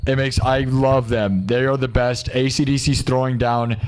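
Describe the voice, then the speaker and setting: A man's voice: mid-range voice, steady tone, moderate pace. A young man hosting a live music stream, chatting casually with viewers in a brash, ranting way, full of "dude" and "bro". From United States. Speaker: livestream music host.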